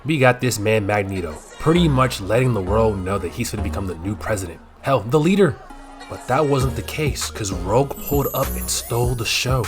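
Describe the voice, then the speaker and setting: A man recaps a show for laughs in a loose, slangy voice. His pitch jumps around a lot, and he bursts out loudly now and then. Clear background music plays under him. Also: fairly quick. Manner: slangy, animated, swings to loud outbursts. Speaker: recap commentator. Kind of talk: comedic show recap narration.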